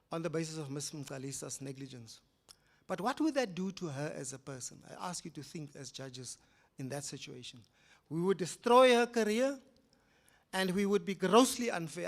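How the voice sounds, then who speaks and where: In a lecture hall, an older man with a South African accent gives a public lecture, telling a case as a story. He swings between loud, emphatic rises and quiet, low asides.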